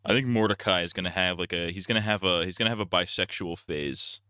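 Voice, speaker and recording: A man's voice: deep voice, quick pace, bright, forceful tone, smooth, dry recording, studio quality. A man streaming and casually reacting to a video, with crude, mocking banter.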